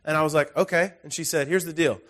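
A man preaching a sermon in a relaxed, conversational way, telling personal stories with frequent restarts. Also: fairly high pitch, fast talker. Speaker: pastor.

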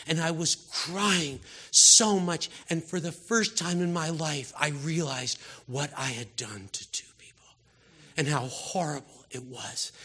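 A man preaching a sermon with passion, moving from hushed, soft lines to loud, urgent calls to his listeners. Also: fairly high pitch, husky. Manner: impassioned, swings from hushed to loud exhortation.

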